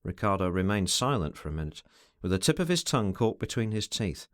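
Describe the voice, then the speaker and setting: A man's voice: low voice, sing-song, brisk, dry recording. Guy reading an old novel aloud, lots of lift and fall in his voice, dry close mic. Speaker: audiobook narrator. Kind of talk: scripted narration of a classic novel.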